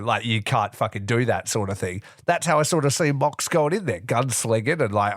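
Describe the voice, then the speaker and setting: Co-hosting a casual wrestling podcast, a man swears freely and energetically acts out wrestlers' lines. His mid-range voice moves a little fast with few pauses, captured in clean studio sound without echo.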